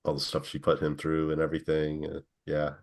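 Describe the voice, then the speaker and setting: A man's voice: extremely low pitch, monotone, a little fast, a little mellow. A man talking casually in a book club discussion, hesitant and full of restarts. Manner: hesitant, many fillers and restarts, laughs.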